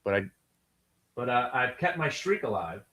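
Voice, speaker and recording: A middle-aged Brooklyn man calls trades live on a stream. His voice sits at an everyday middle pitch, and his delivery is brash and profane, with wisecracking asides between calls. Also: very animated, normal speed, fairly bright tone. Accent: Brooklyn New York. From Brooklyn, New York. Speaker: day-trading show host. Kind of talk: live trading commentary.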